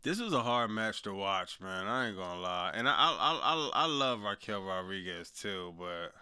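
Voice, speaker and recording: A young man casually reacting to wrestling news, slangy and animated, laughing often. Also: fairly low pitch, moderate pace, clean tone. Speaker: wrestling commentary streamer.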